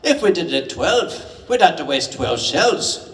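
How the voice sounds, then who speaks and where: A man's voice: a little high, very animated, a little slow, background noise. A man voicing a dry-witted older Scottish army sergeant with a Scottish accent, heard from far off in an echoey hall.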